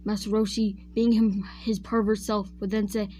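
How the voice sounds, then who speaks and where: A woman's voice: mid-range voice, little pitch movement, a little fast, hardly any pauses, darkish tone, a little hiss or hum. Rambling woman telling a fan story. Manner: rambling, often correcting herself mid-sentence; chatty, addresses viewers directly. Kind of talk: casual retelling of a fan-made what-if story.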